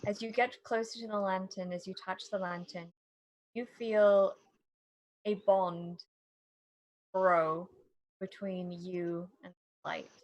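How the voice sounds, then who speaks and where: A woman narrating a tabletop game in a measured, dramatic way. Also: mid-range voice, steady tone, no echo, low-quality recording. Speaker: game master.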